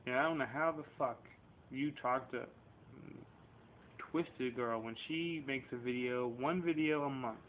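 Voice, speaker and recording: A man's voice: medium pitch, unhurried. Man ranting profanely, tinny lo-fi audio. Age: 30s. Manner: profane, rambling, confrontational. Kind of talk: casual vlog rant. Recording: tinny lo-fi webcam audio with faint noise.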